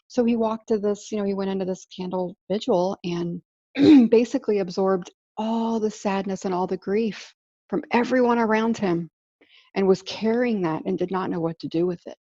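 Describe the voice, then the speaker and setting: A woman's voice: mid-range voice, dark tone, dry recording. A woman podcast host telling a heartfelt personal story in an earnest, reflective way over an online call. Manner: earnest, heartfelt, speaks of feelings with emotion. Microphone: online call setup. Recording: dull, muffled call audio.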